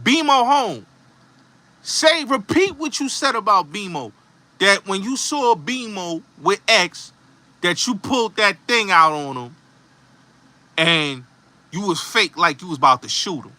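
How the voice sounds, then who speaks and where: Ranting as host of a show, a middle-aged man from the Bronx speaks with a New York accent in a high-pitched, expressive, sharp-toned voice at an unhurried pace. His heated monologue is emphatic and keeps repeating itself.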